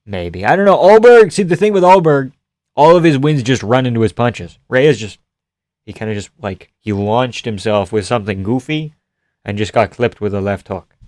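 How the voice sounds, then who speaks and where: A man streaming live fight reactions, chatting casually and swearing as he answers chat, breaking into loud yells at the big moments. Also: mid-range voice, expressive, moderate pace, no room sound, studio quality.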